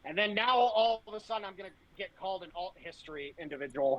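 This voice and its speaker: A woman's voice: medium pitch, lively intonation, fast talker, hardly any pauses, dull audio. A woman, a podcast co-host, ranting in heated, profane political talk full of sarcasm.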